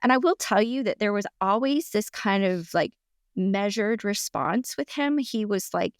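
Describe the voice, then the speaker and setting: A middle-aged woman, a podcast guest, telling a personal story in a chatty, animated way with lots of fillers and restarts. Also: medium pitch, a little slow, clean tone, no room sound, clean studio sound. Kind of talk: casual storytelling in conversation.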